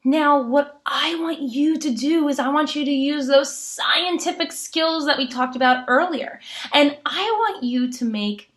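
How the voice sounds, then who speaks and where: Woman teacher, video lesson for kids, animated, gasps often, fairly high voice. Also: a little slow. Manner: animated, with frequent gasps and rhetorical questions. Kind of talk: recorded online lesson for children.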